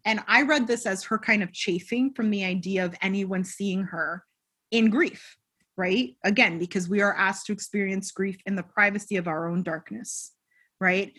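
A woman podcast co-host recaps a film in casual chat, animatedly telling the story and acting out the characters' lines. Her medium-pitched voice is slightly rough and moves at a normal speed.

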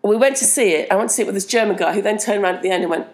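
Quick-talking gravelly British woman. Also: mid-range voice, animated, a little mellow. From Britain. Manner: enthusiastic, talks up films eagerly. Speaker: podcast co-host. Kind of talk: casual chat.

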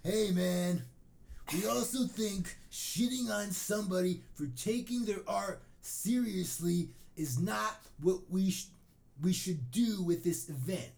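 A man voicing a sarcastic, indignant young male joke-band member in a raised, loud, mocking voice. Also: high-pitched, slow, creaky, pitched above the performer's own voice, exaggerated voice.

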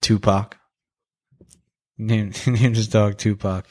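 A young man talks through a film in a loose, rambling way, laughing often and restarting his sentences. His voice sits a bit low. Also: level tone, slow, a little mellow. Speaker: podcast co-host reviewing a movie. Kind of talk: casual chat.

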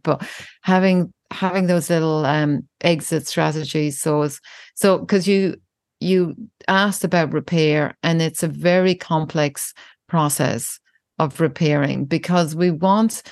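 A woman with a low, grounded voice talks through parenting ideas in a calm, reflective podcast chat. She pauses and restarts her phrases as she thinks aloud. The sound is close and dry, with no room around it. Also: no echo. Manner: thoughtful, frequent restarts, gentle examples. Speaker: parenting educator guest.

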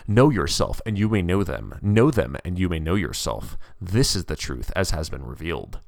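A man voicing the spirit of an ancient male philosopher who speaks in a measured, solemn, lecturing way. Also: low-pitched, sing-song, creaky, no room sound, studio quality, full character voice. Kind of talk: dramatic reading of a story.

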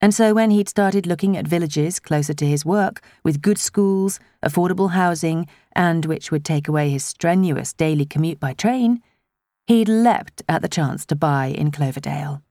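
A woman narrating a novel as an audiobook, telling the story in an expressive, measured way. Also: low-pitched, no room sound, studio quality. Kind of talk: scripted narration.

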